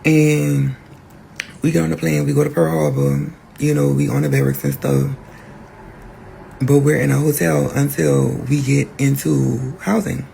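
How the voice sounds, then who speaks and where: Man with a heavily gravelly voice. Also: fairly high pitch, measured pace, slight background noise. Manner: candid, profane, animated storytelling. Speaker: podcast host. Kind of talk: personal storytelling.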